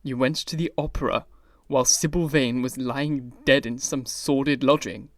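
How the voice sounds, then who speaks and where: A man's voice: mid-range voice, fairly even intonation, normal speed, dry recording, clean studio sound, lightly acted. A man reading the part of an earnest older painter in an audiobook, grave and pleading. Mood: pained. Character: grave, anguished male painter friend.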